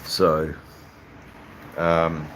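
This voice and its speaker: Australian man, very low bass voice, live-stream host, casual rambling chat, lots of fillers. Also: monotone, very slow, a bit bright, slight background noise. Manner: rambling, hesitant, full of fillers. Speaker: livestream host.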